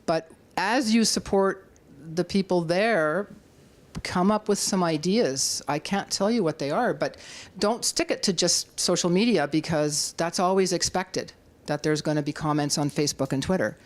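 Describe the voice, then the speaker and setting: A middle-aged woman with a Canadian accent giving an animated public talk as an activist speaker, rallying her audience and acting out quotes in a high voice. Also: normal speed. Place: community hall talk.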